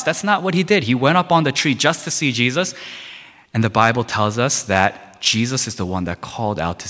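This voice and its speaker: Male pastor, sermon, average pitch, emphatic repetition and rhetorical questions, echoing sanctuary. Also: pushed and bright. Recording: long reverb of a large hall.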